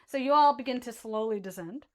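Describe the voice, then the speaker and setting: High-pitched woman dming a tabletop game, casual and sweary, restarts her sentences a lot. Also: a little fast, crowd noise. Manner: casual, swears freely, self-correcting. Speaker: game master.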